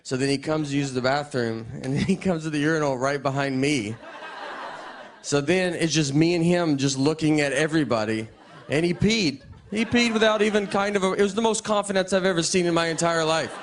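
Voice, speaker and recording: A man performing a stand-up set in a deadpan, meandering way with frequent restarts. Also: fairly high pitch, brisk. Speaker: stand-up comedian. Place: live comedy stage before an audience. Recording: live set with audience laughter. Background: crowd laughter.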